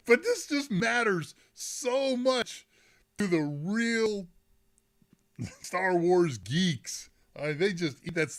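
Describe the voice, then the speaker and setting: A middle-aged man hosting a live tech Q&A stream in casual chat, rambling, breaking off mid-sentence, reading the chat aloud and laughing often, on a desk microphone. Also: high voice.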